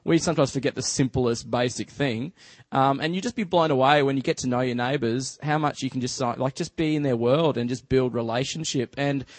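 An Australian man giving a church talk as a relaxed, chatty story, full of fillers like "just" and "you know". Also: mid-range voice, brisk, dry recording. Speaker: church speaker. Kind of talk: casual storytelling sermon.

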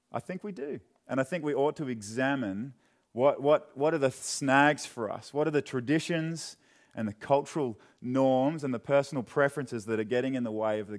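A young man preaching a sermon in a church, chatty and joking, then dropping into quiet, earnest questions. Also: medium pitch. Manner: conversational and joking, with sudden drops to quiet earnestness. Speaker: pastor. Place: church hall.

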